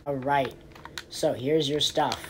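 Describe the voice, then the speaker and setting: A woman commentating casually on her game, rambling and playfully exasperated, breaking into quick pleading outbursts. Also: extremely low pitch, slight background noise. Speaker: game player.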